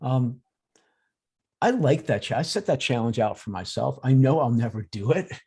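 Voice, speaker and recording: Man with a gravelly, husky voice. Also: mid-range voice, normal speed. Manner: lively, acts out examples in quoted voices. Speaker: workshop presenter on emotional intelligence. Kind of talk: conversational workshop talk. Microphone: video call.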